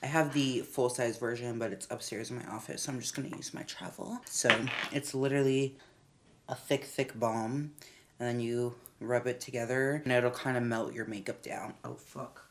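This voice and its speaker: A woman's voice: extremely low pitch, steady tone, normal speed, a little hiss or hum. A young woman chatting candidly in a casual vlog, swearing freely as she talks. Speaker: vlogger, pro bodybuilder.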